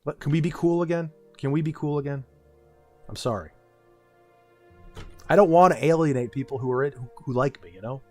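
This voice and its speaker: A man's voice: on the high side, brisk, pauses often, faint music behind. A young man streaming and talking with his chat in a blunt, profane, ranting way. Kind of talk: casual livestream chat.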